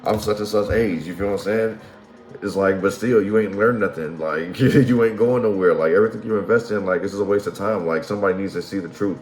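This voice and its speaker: A man's voice: sits low, fast, darkish tone. A man giving a casual tarot reading, slangy and profane, who keeps checking that the listener follows him. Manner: slangy and profane, keeps asking "you feel what I'm saying". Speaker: tarot reader. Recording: roomy echo, faint music behind.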